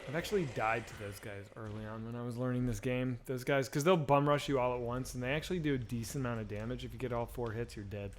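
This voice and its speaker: Talking quickly and barely pausing, a medium-pitched man with a steady tone chats casually to his viewers while streaming a game. His talk is loose, profane, and rambling, with frequent restarts, over slight background noise.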